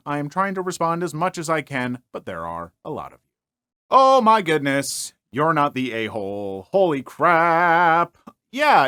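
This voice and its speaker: A man's voice: a little high, pushed and bright, no echo, studio quality. A man narrating stories aloud and giving chatty commentary full of fillers. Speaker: story narrator. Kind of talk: reading stories aloud and reacting to them.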